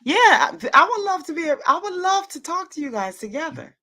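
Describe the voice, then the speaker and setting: Bright, lively woman hosting a livestream. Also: very high-pitched, fairly quick. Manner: excitable, laughs often, reads viewer comments aloud. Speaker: livestream host. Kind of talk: casual livestream chat.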